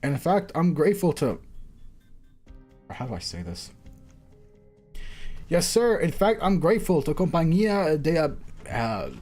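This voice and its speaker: A man's voice: on the high side, sing-song, a little slow, pauses often, a little mellow, soft background music. A man voicing a polite young woman in a game story, hesitant and eager.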